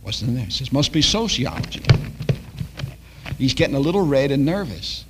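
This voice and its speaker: A man's voice: mid-range voice, sing-song, normal speed, background noise. An older man preaching a sermon as a pastor, telling stories and acting out the dialogue.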